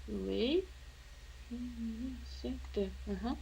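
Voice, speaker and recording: A woman's voice: on the high side, extremely slow, creaky, dark tone, breathy edge, low-quality recording. A woman who speaks Russian as her first language, a beginner student with a Russian accent, hesitant and unsure as she answers.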